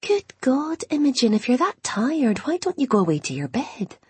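A woman putting on a fussing husky mum. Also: high-pitched, sing-song, normal speed, darkish tone, no echo, voice pushed up, heavily acted. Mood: fussing, eager. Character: warm excitable Scottish mother, middle-aged.

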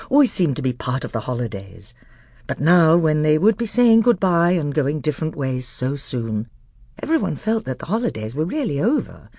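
Low, husky woman reading a storybook. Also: dry recording, studio quality. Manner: expressive storytelling. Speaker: narrator. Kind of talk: audiobook reading.

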